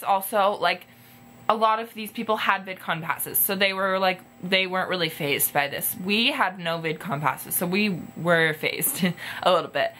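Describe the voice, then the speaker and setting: A woman in her twenties telling a storytime vlog in casual chat, full of "like" fillers. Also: slight background noise. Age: 20s. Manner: chatty, heavy use of "like", quotes people in higher animated voices. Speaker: vlogger.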